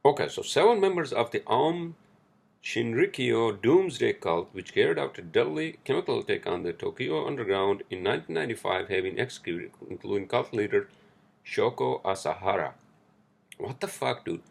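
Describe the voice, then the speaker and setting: A man's voice: medium pitch, expressive, moderate pace, gravelly, breathy edge. Man ranting profanely on a podcast. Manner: profane, ranting, rambling with restarts; reads a news article aloud. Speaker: podcast host. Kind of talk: solo podcast rant.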